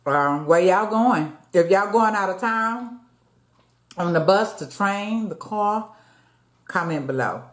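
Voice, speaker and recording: A woman's voice: mid-range voice, animated, takes it slowly. A woman, chatting casually to her viewers during an eating show and calling them y'all. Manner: chatty, addresses viewers as y'all, eats between lines. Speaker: mukbang vlogger. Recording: echoey room.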